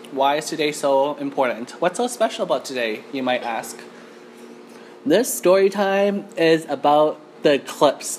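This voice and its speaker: With a low-sitting, slightly mellow voice, a Canadian woman chats to the camera while hosting a mukbang eating show in an empty restaurant, using lots of "like" fillers. Slight background noise can be heard.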